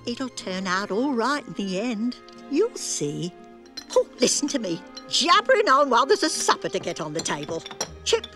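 A woman voicing a gentle, motherly older teapot in an animated film. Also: on the high side, normal speed, over music.

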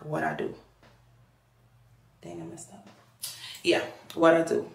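A woman's voice: deep voice, wildly swooping pitch, slow, gravelly. A young woman with a Jamaican accent telling a personal story to her viewers in casual vlog chat, acting out the voices she quotes. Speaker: vlogger. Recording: echoey room.

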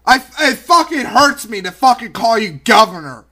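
A man's voice: very high voice, big pitch swings, moderate pace, hardly any pauses, bright, forceful tone. A man delivering a heated, profane and sarcastic political rant as a video blogger.

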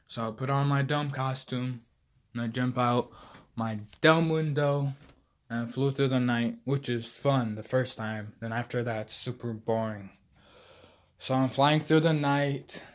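A young man performing a comic monologue as a lazy, sarcastic teenage boy superhero who sighs often. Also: mid-range voice. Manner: sarcastic, exasperated, sighing. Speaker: actor playing a teen superhero.

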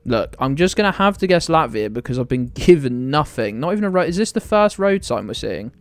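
A man's voice: fairly high pitch, very animated, fairly quick, no room sound, soft background music. A young British man streaming a game live, teasing his chat with playful indignation and mock outrage. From United Kingdom.

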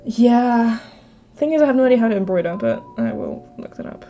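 A woman's voice: a little high, wildly swooping pitch, brisk, dark tone. Chatty woman streaming, faint music behind. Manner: chatty, thinks aloud, answers chat. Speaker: live streamer. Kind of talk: casual live-stream chat while crafting. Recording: slightly dull stream audio, faint background music.

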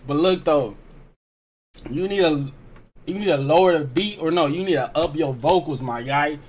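A man's voice: on the high side, moderate pace, darkish tone, slightly rough. A man giving casual, rambling commentary on a rap track, with a Californian accent and lots of slang and filler. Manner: rambling, slangy, repeats "like" and "you know what I'm saying". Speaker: reaction host. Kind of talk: casual music reaction commentary.

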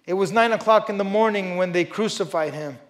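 A man with a high voice preaches a sermon to a church congregation. He reads scripture with strong emphasis and drops to hushed asides. Between readings he talks casually and often says "you know". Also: a little fast. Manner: emphatic, swings between loud stresses and quiet asides. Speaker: pastor. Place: church service before a congregation.

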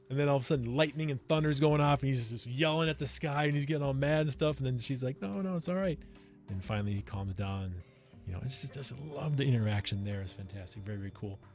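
An excited man hosting a casual movie review, speaking at an ordinary middle pitch. He addresses his viewers directly and keeps checking in with them. Soft music plays faintly underneath. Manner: enthusiastic, talks straight to viewers, keeps asking "right?". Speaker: movie review channel host.

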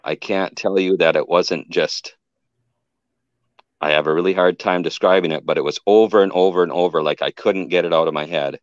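Deep voiced guy rambling thru his story, keeps correcting himself, dull dry call audio. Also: steady tone, normal speed, no echo. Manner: rambling, restarts and self-corrections. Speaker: guest telling an encounter. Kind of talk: casual storytelling.

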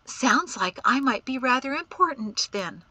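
A woman's voice: high voice, expressive, unhurried, sharp tone, no room sound, pitched above the performer's own voice, exaggerated voice. A woman reading an audiobook, voicing a spirited, mischievous mother who speaks blithely. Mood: playful. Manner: blithe and playful.

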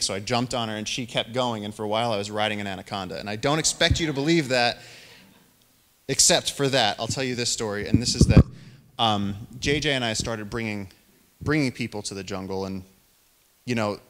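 A young adult man giving a live storytelling talk to an audience, animated and acting out the voices of the people in his story. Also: on the low side. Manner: animated storyteller, acts out quoted voices, rising excitement. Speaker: featured speaker.

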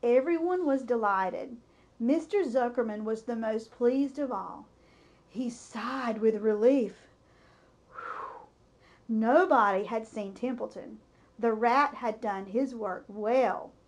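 A woman reading a children's chapter book aloud in a high, bright voice. She takes her time, letting each sentence land with expressive, unhurried storytelling. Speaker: storybook reader.

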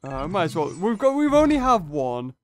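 A man's voice: sits high, very animated, moderate pace. A young man commentating on a mobile game he is playing, thinking aloud through each move and exclaiming at big hits. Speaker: gaming channel host. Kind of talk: let's play commentary.

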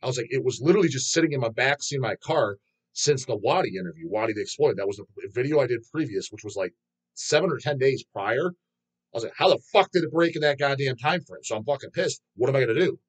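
A man's voice: medium pitch, animated, fast, slightly rough. A man hosting his own channel, reading viewer comments aloud and answering them in a rambling, profane way, laughing often. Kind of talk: casual chat.

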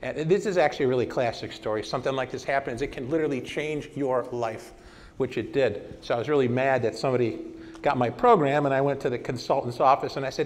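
A man in his sixties giving a conference talk and telling lively anecdotes. He acts out old conversations as he goes. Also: mid-range voice, quick pace. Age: 60s. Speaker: conference speaker. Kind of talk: presentation talk with storytelling. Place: hall at a vintage computer festival. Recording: long hall reverb.

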